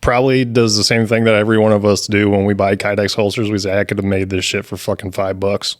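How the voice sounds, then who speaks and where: Co-host, young adult man, lowish voice, dry deadpan delivery, casual. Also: fast talker. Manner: deadpan jokes, summarizes. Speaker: podcast co-host. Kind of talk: casual chat.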